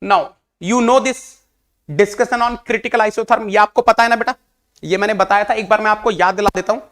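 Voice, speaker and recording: Speaking very fast in a high, steady, fairly bright voice, a male engineering teacher with an Indian English accent delivers an online exam-prep lecture. He repeats questions and coaxes the class in a blend of English and Hindi.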